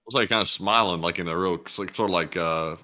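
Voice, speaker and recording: A man's voice: sits low, fast talker, pushed and bright. A man co-hosting a casual live stream, making brief, laid-back comments. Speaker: co-host.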